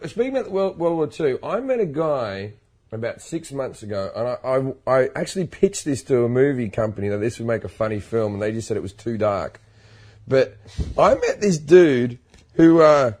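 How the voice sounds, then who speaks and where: A man's voice: medium pitch, a little mellow. A man with an Australian accent, a guest comedian on a podcast, telling stories in a casual chat and acting out the lines he quotes. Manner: storytelling with laughs, acts out quoted lines.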